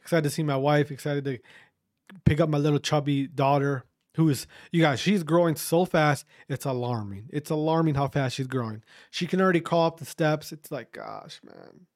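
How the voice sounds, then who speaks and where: A man's voice: on the high side, normal speed, darkish tone, no echo, studio quality. A man in his thirties hosting a podcast, chatting casually in a rambling, profane manner full of restarts. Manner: rambling, profane, self-interrupting. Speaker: podcast host.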